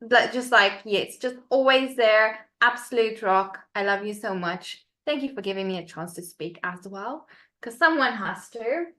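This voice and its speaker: A woman chatting enthusiastically on a group video call, bubbly and quick to laugh, with lots of "like". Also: fairly high pitch, sharp tone. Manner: enthusiastic, bubbly, laughs often, says "like" a lot. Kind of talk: lively casual chat.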